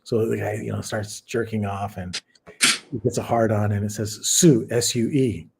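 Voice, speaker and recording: A man's voice: lowish voice, fairly even intonation, normal speed, vocal fry, darkish tone, a little hiss or hum. A man co-hosting a casual podcast chat, a rambling storyteller who stops and restarts often. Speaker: podcast co-host.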